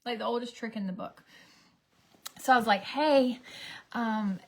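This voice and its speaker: Middle-aged woman vlogger with a slightly high voice; rambling, chatty storyteller. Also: fairly even intonation, vocal fry, fairly bright tone. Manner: chatty, rambling, quick to laugh. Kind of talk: casual storytelling chat.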